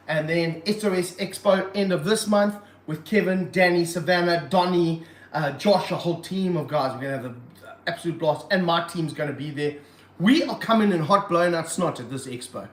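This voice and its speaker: A man running a casual livestream from his reptile room, excitable and jokey, full of slang. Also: high voice, roomy sound, poor audio. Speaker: reptile park owner and streamer.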